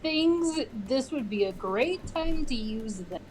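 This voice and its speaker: A woman voicing a bird-folk woman adventurer calling out loudly to her allies in a tabletop game. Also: high-pitched, lively intonation, slow, voice pushed up, poor audio. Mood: urgent. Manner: calls out loudly.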